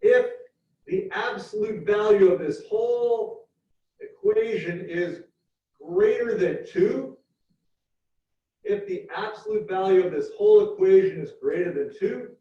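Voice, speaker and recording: A man lecturing a university class, explaining step by step and repeating key points slowly. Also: sits high, dark tone. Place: lecture hall. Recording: echoey hall from far off, dull.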